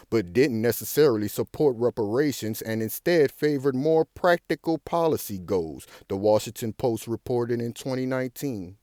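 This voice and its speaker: A man's voice: medium pitch, warm tone, dry recording, clean studio sound. A man hosting a political commentary monologue. He asks rhetorical questions again and again and builds to emphatic indignation. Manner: preachy, rhetorical, keeps asking "you understand me"; reads quotes aloud, then rises to emphatic indignation. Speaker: commentary host.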